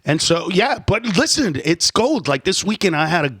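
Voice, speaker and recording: A man appearing as a comedian guest on a radio show, talking in animated, rambling casual banter. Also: high-pitched, a little hiss or hum. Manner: animated, rambling, quick to jump into stories. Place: radio studio.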